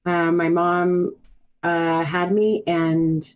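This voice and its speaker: Brazilian-born woman, low-pitched candid talk. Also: little pitch movement, drawn-out words, highs cut off. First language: Portuguese. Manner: candid, reflective personal storytelling. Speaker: podcast guest. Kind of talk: casual podcast conversation.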